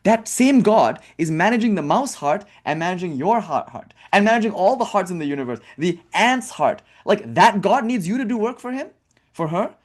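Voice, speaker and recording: A man giving a spiritual talk in a casual, animated way, with many fillers and sarcastic rhetorical questions. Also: sits high, moderate pace. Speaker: spiritual teacher. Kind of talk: impassioned talk.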